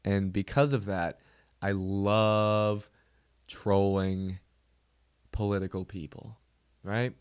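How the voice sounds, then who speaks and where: A man's voice: fairly low pitch, fairly even intonation, takes it slowly, pauses often, smooth, no echo, clean studio sound. A man hosting a comedy podcast, ranting in a casual, exasperated and profane way that rambles along.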